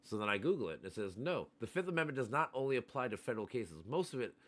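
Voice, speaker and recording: A man's voice: mid-range voice, very animated, fast talker. A man hosting a livestream, ranting in heated, profane casual chat. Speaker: livestream host.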